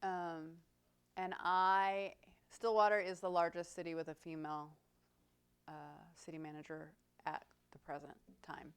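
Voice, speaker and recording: A middle-aged woman, telling an animated, self-deprecating story about her career as a city manager to a club. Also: lowish voice, a little slow, smooth. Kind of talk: storytelling talk.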